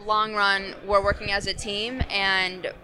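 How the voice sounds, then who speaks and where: A woman's voice: medium pitch, little pitch movement, measured pace, crowd noise. A young woman in her twenties from Chicago, a guest in a casual interview, talking bluntly and confidently. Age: 20s.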